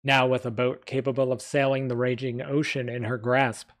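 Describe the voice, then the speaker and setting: A man's voice: medium pitch, little pitch movement, moderate pace, natural voice. A pirate crewmate telling the tale of his captain, as read by a man. It is a plain, unpracticed read of a fantasy story, not a polished performance, with the odd slip along the way. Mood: storytelling. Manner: plain unpracticed reading with slips. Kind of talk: reading a fantasy story aloud.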